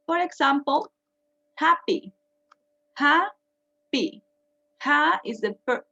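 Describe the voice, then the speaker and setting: A woman's voice: on the high side, fairly bright tone, breathy edge, dull audio. A woman teaching English grammar, patiently repeating each point and translating it. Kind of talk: bilingual grammar lesson.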